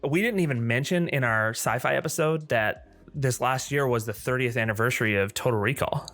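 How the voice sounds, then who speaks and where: A man's voice: medium pitch, brisk, a bit bright. A man co-hosting a podcast in casual chat, eager and keen, calling his friend "dude" often. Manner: enthusiastic, says "dude" a lot. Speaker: podcast co-host.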